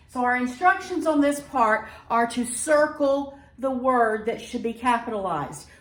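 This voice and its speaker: A woman teacher reading example sentences slowly and explaining grammar step by step in a patient, careful way. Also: fairly high pitch. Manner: slow, patient, reads sentences aloud carefully. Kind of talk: recorded classroom lesson. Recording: echoey room, far from mic.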